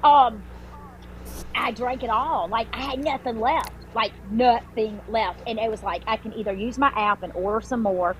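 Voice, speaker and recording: A woman with a fairly high voice tells her story in a loose, animated way. She swears freely and restarts her sentences often. A faint noise sits under the recording. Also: moderate pace, low-quality recording. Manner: animated, swearing, many restarts and filler words. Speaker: podcast guest. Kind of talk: casual storytelling.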